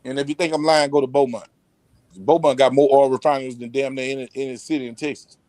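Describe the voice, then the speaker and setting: A man's voice: mid-range voice, fast talker, dry recording. A man hosting a casual podcast chat, telling stories in a loose, rambling, profane way. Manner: animated, profane storytelling; loose, rambling delivery with restarts. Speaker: podcast host.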